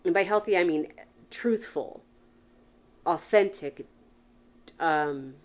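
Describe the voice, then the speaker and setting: Woman podcast host with a slightly low voice, earnest and blunt, working through big questions in a solo monologue. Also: slow, a little mellow. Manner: earnest, questioning, speaks frankly with casual swearing.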